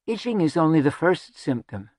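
A man's voice: fairly high pitch, very animated, a little mellow, dry recording, studio quality, voice pushed up. A man voicing a sardonic woman who speaks darkly and mockingly, telling old lore in a storybook reading. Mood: wry. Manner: brooding, mocking, drawn-out. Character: dark-spoken sardonic woman, lore-teller.

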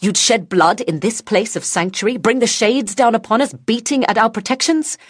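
A woman's voice: fairly high pitch, normal speed, breathy edge, no echo, clean studio sound, pitched above the performer's own voice. A woman voicing a stern adult innkeeper who scolds sharply and indignantly, protective of those under her roof, in a storybook reading. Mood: furious.

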